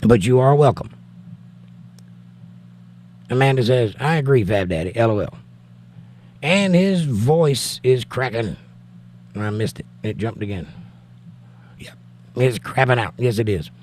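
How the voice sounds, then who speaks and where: A man with a Southern accent from Georgia talks to his livestream chat at a middle pitch. He reads viewers' messages aloud and answers them bluntly, arguing scripture in a plain, direct way. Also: expressive, a little slow, long pauses, darkish tone. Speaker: livestream host reading chat.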